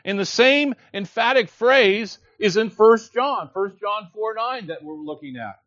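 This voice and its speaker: A man preaching a sermon, earnest and measured, teaching a scripture passage with emphatic quotes. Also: sits high, expressive, a bit bright, dry recording, highs cut off.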